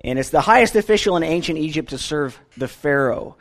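A man's voice: a little high, a little fast. A man preaching a sermon to a church congregation, telling stories earnestly with frequent restarts. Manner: earnest, animated storytelling with repeated restarts.

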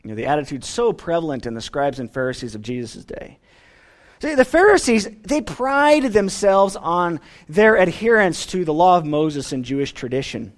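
High-pitched, animated preacher man. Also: moderate pace. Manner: dramatic swings in pitch and volume, drops low at phrase ends; reads scripture dialogue with raised, emphatic delivery. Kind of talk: sermon.

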